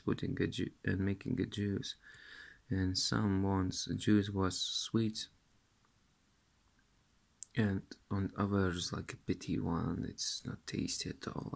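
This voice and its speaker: A man retelling a dream in halting, broken English, with many restarts and a tearful stretch. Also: sits low, gravelly. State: tearful, weeping while retelling.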